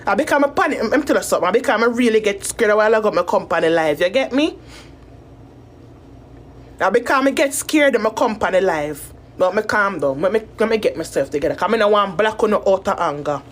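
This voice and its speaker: A Jamaican woman content creator speaks straight to her viewers in a casual, emotional rant that rambles and is full of swearing. Her voice is medium-pitched with lively intonation and a quick pace.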